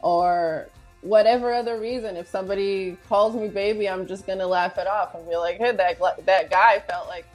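A woman guest in a casual interview, with a slightly low voice. She speaks easily and unhurriedly, scattering fillers through her answers, while faint music plays underneath. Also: a little mellow. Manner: easygoing, many "like" fillers. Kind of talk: casual chat.

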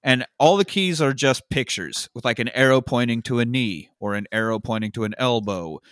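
Male podcast co-host, mid-pitched, easygoing storyteller, swears freely, dry close sound. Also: a little fast, fairly bright tone, clear, resonant tone, no room sound. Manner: laid-back storytelling with profanity and frequent laughs. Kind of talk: casual movie recap chat.

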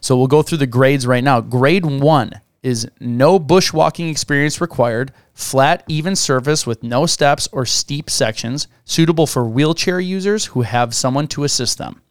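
Male podcast co-host from the US, smooth clear tone, close dry mic; reads facts, laughs easily. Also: mid-range voice, normal speed, few pauses, no echo. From United States. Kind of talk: casual chat reading research notes.

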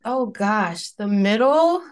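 A woman's voice: medium pitch, expressive, slow pace, smooth. A woman in her thirties from the Bronx with a Bronx New York accent, chatting expressively as a podcast guest and laughing often. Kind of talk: casual interview chat.

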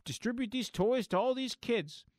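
A man's voice: very high voice, expressive, moderate pace, dry recording, clean studio sound, voice pushed up. A man voicing a jovial male superhero in a hearty, cheerful voice. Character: jovial big blue male superhero, booming.

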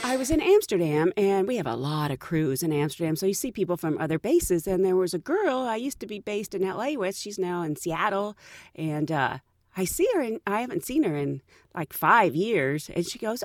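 A woman's voice: lowish voice, moderate pace, no echo, clean studio sound. A woman flight attendant hosting a casual chat, telling stories with frequent laughter. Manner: lively, laughs often while telling stories. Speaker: flight attendant and podcast host.

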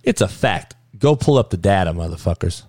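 A man's voice: low voice, fairly quick, no room sound, studio quality. A man hosting a podcast, delivering a blunt, profane sports rant in casual talk. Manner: profane, blunt, animated rant with frequent cursing. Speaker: podcast host.

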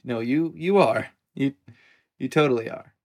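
A woman's voice: very deep voice, big pitch swings, voice pushed down, exaggerated voice. Woman voicing awkward, flirty college jock. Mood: flustered. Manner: halting, stammering, hushed. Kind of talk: dramatized audio fiction.

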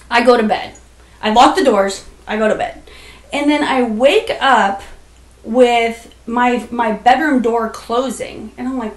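A woman, a podcast guest, telling a personal story in a blunt, casual way, swearing freely and filling her talk with "like" and "um". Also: fairly high pitch. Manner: blunt, swears freely, rapid with many fillers. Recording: roomy echoey room.

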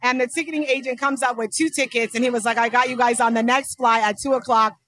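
High-voiced woman telling a story. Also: fast. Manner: animated storyteller, acts out quotes with laughs. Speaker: podcast co-host. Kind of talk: casual storytelling chat.

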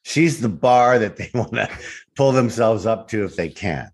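A man's voice: on the low side, animated, moderate pace. A man co-hosting a casual chat, laughing often, swearing and joking around. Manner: laughing, jokey, swears, slips into funny voices. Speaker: podcast co-host, former cast member.

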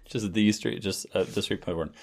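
Deep-voiced man with dry teasing. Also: fairly even intonation, moderate pace, creaky, darkish tone. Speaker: podcast co-host. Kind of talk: casual chat.

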